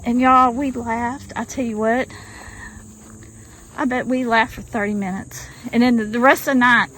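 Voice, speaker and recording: Speaking at a moderate pace in a steady, fairly bright, slightly high voice, an Arkansas woman tells her viewers a story with a folksy drawl, addressing them as y'all. The poor audio was recorded outdoors in rural woods, with faint outdoor noise and crickets and insects in the background.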